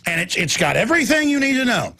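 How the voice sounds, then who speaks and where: A man rants through a talk radio monologue, his voice pitched high and a little husky. He pushes hard with a sharp, forceful edge, repeating phrases and stumbling into restarts. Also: big pitch swings, fast. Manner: intense and ranting, with repeated phrases and stammered restarts.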